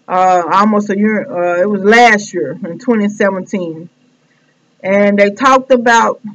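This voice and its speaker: A woman talking to camera in a casual monologue, rambling and halting with many fillers and restarts. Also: fairly high pitch, fairly bright tone. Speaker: vlogger. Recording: dull lo-fi recording.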